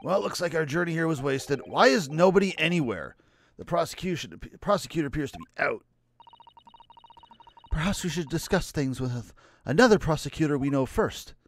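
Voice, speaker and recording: A man's voice: on the high side, animated, moderate pace, a little hiss or hum, pitched above the performer's own voice. A man voicing an earnest young defense lawyer in a video game, speaking in a persuasive, sincere way. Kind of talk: reading game dialogue aloud.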